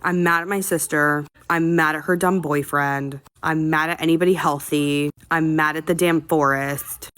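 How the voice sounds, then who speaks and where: Lady ranting thru a storytime, kinda low voice, swears a lot, super exasperated. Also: fairly bright tone. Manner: exasperated, profane, dramatic comic complaining. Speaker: storytime vlogger. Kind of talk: casual storytelling.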